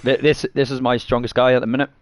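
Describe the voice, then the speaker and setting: Here a man with a mid-range voice and flat delivery moves at a quick pace, with a little hiss or hum underneath. He's a streamer casually guiding viewers through a game, rambling and self-correcting, frequently coughing and clearing his throat since he's had garlic.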